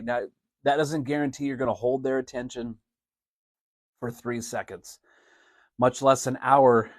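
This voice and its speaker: A chatty man hosting a live podcast, with a voice of middle pitch. He talks casually, laughs often and slips into playful mock announcements. The sound is dry and close, with little room around it. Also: no room sound. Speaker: podcast host. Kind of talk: casual live-stream talk.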